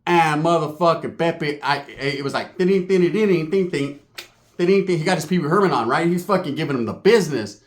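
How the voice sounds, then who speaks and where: Man, comedic storytelling, profane, animated, acts out voices. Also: fairly high pitch, fairly quick.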